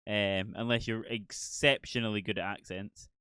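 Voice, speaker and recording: A man's voice: lowish voice, fairly even intonation, moderate pace, bright, forceful tone, clear, resonant tone, no room sound. A man hosting a casual podcast chat, rambling and self-deprecating, laughing often. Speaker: podcast host.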